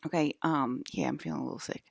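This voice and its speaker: A woman's voice: sits low, fairly even intonation, fast talker, vocal fry, husky, no echo, studio quality. A woman vlogging to her camera in a loose, rambling monologue, laughing often and swearing freely.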